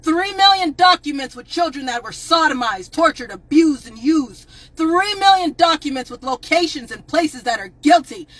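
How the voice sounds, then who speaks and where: A woman delivers a furious, profane rant live to her viewers, raising her voice into shouts again and again. Her voice sits high and sounds bright and sharp. The sound is dry, with no room echo. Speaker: advocate on a livestream. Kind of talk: impassioned livestream rant.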